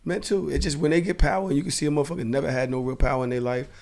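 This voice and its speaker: A man co-hosting a podcast, talking in casual banter with a hoarse, worn voice and animated storytelling. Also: fairly high pitch, racing. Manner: animated storytelling, bursts into laughter and shouting. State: hoarse, losing his voice. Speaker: podcast co-host.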